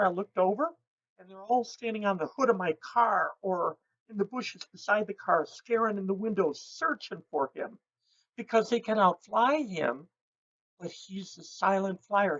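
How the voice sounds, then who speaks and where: A woman raptor educator telling lively stories and mimicking bird calls as she explains owl behavior. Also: mid-range voice, moderate pace, muffled recording. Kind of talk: educational storytelling.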